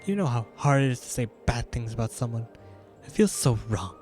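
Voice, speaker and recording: A man voicing a timid, gentle young woman from a video game, reading her lines in a raised, hesitant, girlish voice. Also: animated, a little fast, faint music behind, lightly acted. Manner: hesitant, apologetic, put-on high girlish voice. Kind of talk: reading game dialogue aloud in character.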